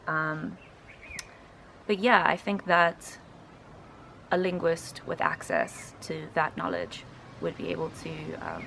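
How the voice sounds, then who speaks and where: A young South African woman with a lowish, gravelly voice explains accent features in a reaction video. She is analytical but hesitant, filling her pauses with ums. A faint background noise sits under her voice. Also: sing-song, fairly bright tone. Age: 20s. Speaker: linguistics student and video host.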